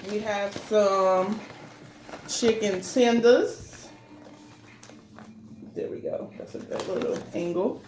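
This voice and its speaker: A woman's voice: medium pitch, slow pace, long pauses, a little mellow, slight background noise. Rambling woman chatting over food, roomy echo. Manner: chatty, loose and rambling, full of fillers. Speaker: mukbang co-host. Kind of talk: casual chat while eating.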